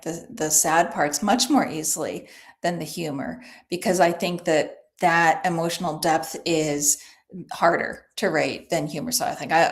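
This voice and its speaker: A woman author talking casually about her writing in an interview, thoughtful and quick to laugh, with frequent restarts. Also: fairly low pitch. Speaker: author guest.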